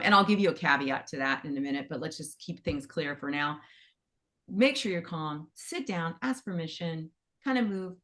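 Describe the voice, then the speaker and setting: A woman teaching animal Reiki in a gentle, conversational way, wandering into asides as she talks. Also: on the low side. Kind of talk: casual teaching talk.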